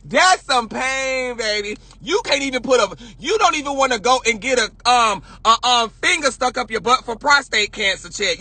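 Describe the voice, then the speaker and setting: Loud sassy high-voiced man ranting. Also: husky, no echo. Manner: loud, projecting, sassy, profane, laughs often. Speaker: livestream host. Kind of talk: casual livestream rant.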